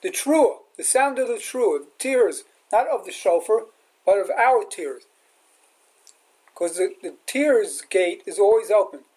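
A man's voice: high-pitched, a little slow, breathy edge, low-quality recording. Man, rabbi, sermon, storytelling, acts out quotes. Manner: animated storyteller acting out quotes. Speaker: rabbi teacher.

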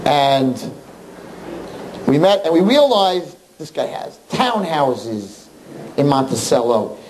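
A man, a rabbi, telling a story to an audience in an animated, emphatic way, often slipping into the voices of the people in it. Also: mid-range voice, a little hiss or hum, poor audio.

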